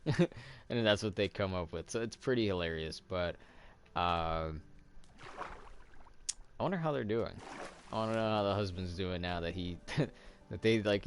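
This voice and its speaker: Playing a game, a let's play host chats casually, rambling with plenty of fillers and little laughs. His low-pitched voice runs a little slow, with long pauses.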